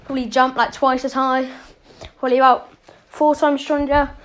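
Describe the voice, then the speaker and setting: Casual storyteller, woman with a high voice, loose and rambling, lots of fillers. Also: little pitch movement, normal speed. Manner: rambling, with many fillers and self-corrections. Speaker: channel host.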